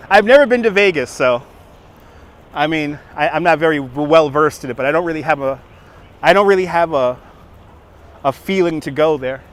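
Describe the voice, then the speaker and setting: Casual male tour guide in his 40s, high voice, chatty live-streamer recording outdoors on a phone. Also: a bit bright. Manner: chatty, laughs at his own jokes. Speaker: livestreaming walking tour guide. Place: outdoors on city streets and a park. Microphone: phone on a handheld gimbal.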